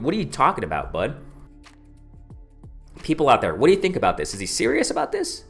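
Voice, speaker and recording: A man's voice: lowish voice, wildly swooping pitch, a little fast, vocal fry, long pauses, fairly bright tone, faint music behind. A man talking casually about boxing on his own channel, rambling and repeating himself, with slang fillers. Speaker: boxing commentary vlogger. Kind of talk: casual opinion vlog.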